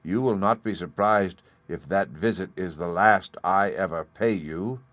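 A man putting on a little old magical gentleman. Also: mid-range voice, lively intonation, moderate pace, no room sound, voice pushed up, close to an everyday voice. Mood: ironic. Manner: humble pleading, then coolly ironic. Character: tiny old magical man with long grey hair.

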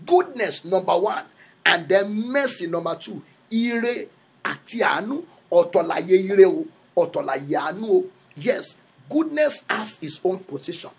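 Man with a Yoruba accent, preaching, raspy, fry-laden delivery, emphatic repeats. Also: sits high, sing-song, normal speed. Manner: switches between English and Yoruba, repeats phrases for emphasis. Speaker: prophet preaching. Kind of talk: sermon.

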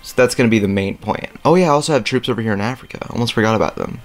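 A man's voice: medium pitch, very fast. Young man chatting over gameplay. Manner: rambling, filler-heavy, frequent throat clearing. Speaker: let's play host. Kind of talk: casual gameplay commentary. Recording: faint game music behind.

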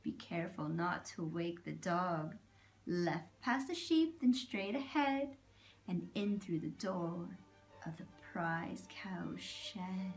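A woman voicing a quiet little ladybird. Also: on the low side, expressive, slow, faint music behind, voice pushed down. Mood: urgent. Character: quiet little female ladybird warning the animals.

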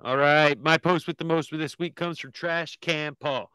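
A man's voice: a little high, fairly even intonation, normal speed, bright, forceful tone, clear, resonant tone, no room sound. A man co-hosting a podcast, describing memes in upbeat, joking casual chat. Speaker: podcast co-host.

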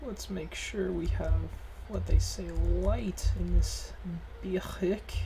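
A gamer giving let's play commentary, jumpy and swearing often, sometimes yelling at game characters and reading game text aloud. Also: medium pitch, steady tone, slow, gravelly, a little hiss or hum. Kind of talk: gaming commentary.

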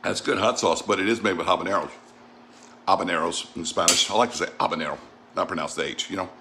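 Background noise sits behind a low, fast male voice. He's a middle-aged cooking vlogger from the Gulf South whose Southern accent colors his folksy, chatty commentary as he tastes dishes in a casual home video, thinking aloud as he goes.

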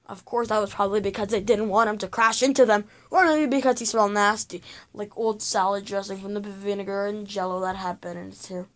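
A woman's voice: mid-range voice, fairly even intonation, brisk. A woman reading a children's chapter book aloud, telling it with drama and sound effects.

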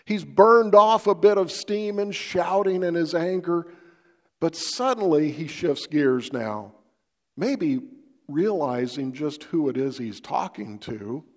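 Male pastor, homespun devotional talk, unhurried, rather high voice, reverberant room. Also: lively intonation, a little mellow. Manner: folksy, conversational, asks the listener questions. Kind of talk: devotional sermon to camera.

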